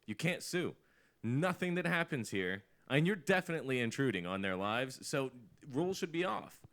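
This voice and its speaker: A man's voice: mid-range voice, big pitch swings, moderate pace, a bit bright. A man co-hosting a talk radio show, giving his opinions in casual chat. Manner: opinionated, lots of "I mean, like". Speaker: radio co-host.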